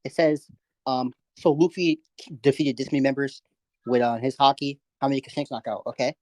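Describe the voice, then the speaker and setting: A man's voice: medium pitch, fairly even intonation, normal speed, a little mellow, dry recording. A young man in a casual online debate, insistent and at times mumbling.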